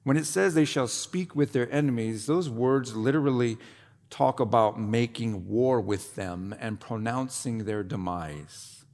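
Preaching man in a reverberant hall. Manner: dramatic preaching with long pauses and sudden drops to a low quiet voice. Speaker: pastor. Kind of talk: sermon.

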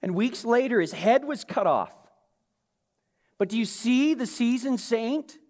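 A man with a high, light voice delivers an impassioned sermon. He sometimes sinks into a hushed, intense register. His words ring out with the long reverb of a large hall. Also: expressive, unhurried. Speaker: preacher.

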